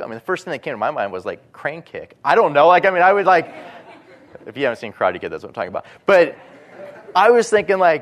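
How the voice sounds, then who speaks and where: A man preaching a sermon, animated, moving between loud emphatic lines and quiet asides. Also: mid-range voice, quick pace.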